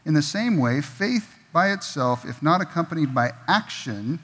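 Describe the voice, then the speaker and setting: A man's voice: fairly high pitch, lively intonation, moderate pace, a bit bright. A middle-aged man preaching a sermon in a church, conversational and jokey, slipping into quoted voices. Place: church sanctuary. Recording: long reverb of a church hall.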